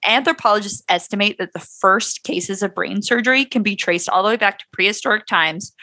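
A woman's voice: medium pitch, brisk, sharp tone, no room sound. A young woman co-hosting a podcast, playful and sarcastic, swearing casually as she presents a history topic. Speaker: podcast co-host.

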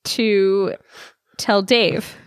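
Brisk woman running a podcast game. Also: mid-range voice, steady tone, clean tone, no echo. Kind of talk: casual podcast banter.

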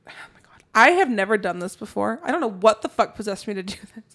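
A woman's voice: medium pitch, animated, fast talker, a bit bright. A woman co-hosting a podcast, telling a story in casual chat, swearing freely, laughing often and poking fun at herself. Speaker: podcast co-host.

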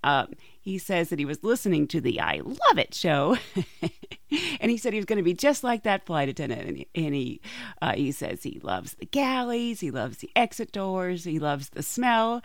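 A woman hosting a podcast, telling casual stories in an animated way and laughing often. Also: lowish voice, normal speed, dry recording, clean studio sound. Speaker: podcast host. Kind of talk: casual storytelling monologue.

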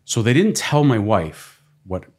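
A man with a very low voice tells his own story on a podcast, plain and unguarded. He swears freely and slips into quoting himself and others. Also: very animated, measured pace, a little mellow, husky. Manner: blunt, swears often, replays his own words and others' in quotes. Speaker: podcast guest. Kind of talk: candid personal storytelling.

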